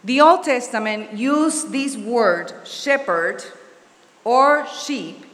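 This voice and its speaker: Woman pastor, preaching real slow, kinda high voice, long church-hall reverb. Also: animated, a bit bright. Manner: slow, earnest, with small restarts. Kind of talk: sermon and prayer. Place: church sanctuary.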